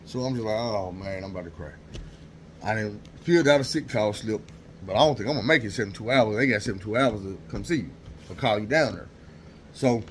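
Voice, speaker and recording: A man telling a personal story in a casual, animated monologue full of slang and repetition. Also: lowish voice, slight background noise.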